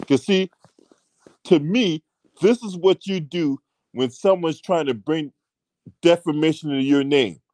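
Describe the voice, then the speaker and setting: A man's voice: on the high side, measured pace, long pauses, darkish tone. A man hosting his own channel, giving a ranting commentary that is emphatic and profane, and repeating lines for stress.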